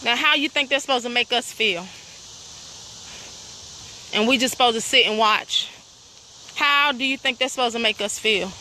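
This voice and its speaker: Breathing hard as she walks a rural trail, a property owner talks to her vlog viewers, upset and asking pointed questions, with crickets outside. Her slightly high, sharp voice moves at normal speed with long pauses, and there's a faint hiss or hum.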